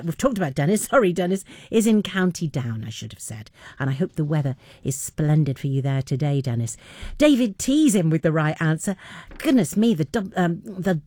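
Brief: middle-aged female radio host, chatty and giggly, lowish voice, dry studio mic. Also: a little mellow, no room sound. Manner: chatty, giggly, reads listener messages. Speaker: radio presenter. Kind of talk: radio phone-in quiz chat. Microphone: studio microphone.

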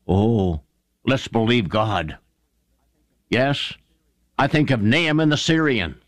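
A man preaching a sermon and retelling Bible stories with fervour, rising sharply in pitch to stress points and calling his listeners friends. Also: very animated, takes it slowly, pauses often, dry recording. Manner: fervent storytelling preacher, swings pitch up for emphasis.

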